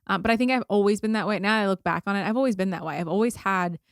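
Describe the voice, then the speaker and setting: A woman's voice: medium pitch, rapid-fire, dry recording, studio quality. A woman from Philadelphia in her thirties, a podcast guest chatting casually in an easygoing, self-deprecating way, often restarting her sentences. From Philadelphia, USA. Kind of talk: casual chat.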